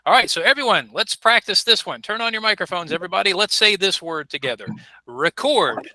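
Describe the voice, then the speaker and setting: Bright-voiced man teaching online. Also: high-pitched, animated, low-quality recording. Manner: patient, repeats and models pronunciation slowly. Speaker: ESL teacher. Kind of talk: online class instruction. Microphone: computer mic on a video call.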